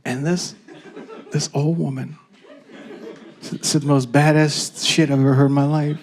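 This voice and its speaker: Male stand-up comic, slightly high voice, animated storyteller, live stage set. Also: moderate pace. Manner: animated storytelling with shouted bits and voiced characters. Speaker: stand-up comedian. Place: comedy stage before a laughing audience.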